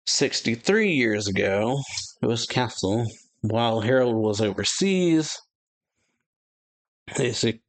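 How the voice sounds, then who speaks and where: A man's voice: fairly low pitch, takes it slowly, pauses often. A man casually reading through a manga chapter, reciting character lines with light emphasis and frequent fillers. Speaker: manga reaction host.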